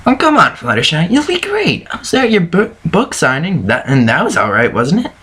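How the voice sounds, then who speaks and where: A man's voice: fairly high pitch, huge pitch swings, a little fast, a bit bright, breathy edge, pitched above the performer's own voice, heavily acted. Cocky teasing pegasus girl with a sly raised voice, as a man plays her in a storybook reading. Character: brash teasing young female pegasus pony.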